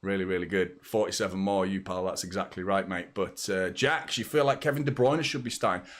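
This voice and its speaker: Speaking a little fast in a deep voice, this thirtysomething streamer runs a football watchalong live. He keeps it chatty and rambling, reading viewers' super chat messages aloud.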